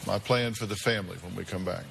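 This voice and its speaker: A man hosting a talk show, speaking in a measured, direct way. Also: low voice, vocal fry, loud music behind the voice. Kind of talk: talk show narration and address.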